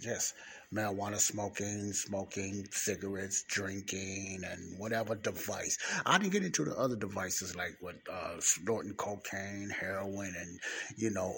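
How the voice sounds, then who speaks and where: A man's voice: lowish voice, a bit bright. A man hosting a Christian podcast, talking in a rambling, repetitive way with many fillers, close to the mic in a library study room. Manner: rambling, repeats words, frequent fillers. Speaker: podcast host. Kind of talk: casual preaching monologue. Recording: faint street noise through window. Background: faint traffic from outside.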